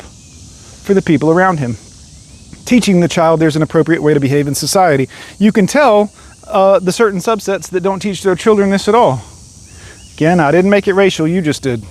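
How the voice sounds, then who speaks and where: A man's voice: fairly high pitch, brisk, a little mellow, slight background noise. A man delivering an angry, profanity-laden rant straight to camera as a vlogger. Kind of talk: ranting monologue.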